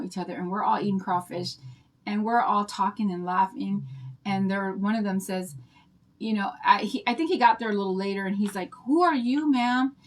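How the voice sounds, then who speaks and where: An older woman hosting a craft livestream, chatting to her viewers in a bubbly, rambling storytelling way. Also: mid-range voice.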